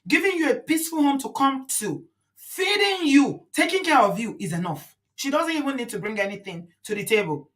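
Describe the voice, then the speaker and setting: A Nigerian woman in her forties is hosting her own commentary show. She speaks in a middle pitch and talks outspokenly and emphatically, and she slips into Pidgin as she goes. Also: fairly bright tone. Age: 40s. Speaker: commentary host. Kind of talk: opinionated commentary.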